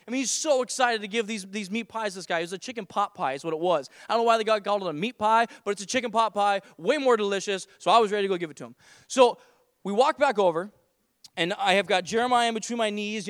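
A man's voice: high-pitched, a bit bright, clear, resonant tone, dry recording, studio quality. A man, a pastor, preaching a sermon and telling a personal story, animatedly acting out the dialogue.

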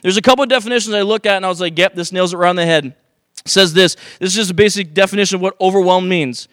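A male pastor preaching a sermon to a congregation, animated and acting out quoted voices. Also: sits high, rapid-fire, dry recording, clean studio sound. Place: church sanctuary.

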